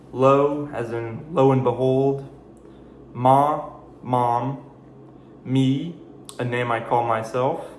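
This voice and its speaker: A man hosting a casual video explainer, giving deadpan definitions with jokey asides. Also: mid-range voice, echoey room, a little hiss or hum. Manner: dry, jokey asides between slow definitions. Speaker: video host. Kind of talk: casual explainer reading a word list.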